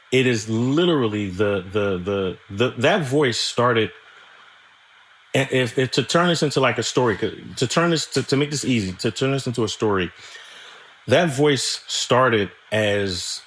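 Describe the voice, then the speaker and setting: A man talking candidly as a podcast guest, reflective and halting, often restarting his sentences and swearing now and then. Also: medium pitch, a bit bright. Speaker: guest screenwriter. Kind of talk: candid conversational interview.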